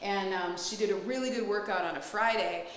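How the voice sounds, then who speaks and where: A woman fitness instructor telling a client story to a student, expressive and quick to act out voices. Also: medium pitch, a little hiss or hum. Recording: echoey, reverberant room.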